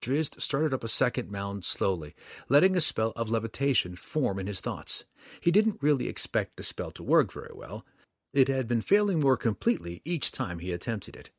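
A man narrates a fantasy audiobook with expressive, dramatic storytelling, in a mid-range voice at normal speed. The recording is dry with clean studio sound.

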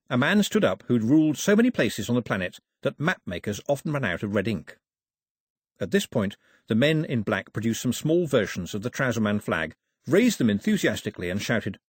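A man narrating an audiobook in an expressive, wry storytelling manner. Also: medium pitch, husky, no echo, clean studio sound. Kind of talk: scripted narration.

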